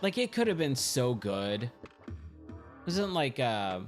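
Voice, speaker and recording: Casual male streamer, mid pitch, chatty and meandering over steady game music. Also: slow. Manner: chatty, rambling, repeats words. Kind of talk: casual gameplay chat.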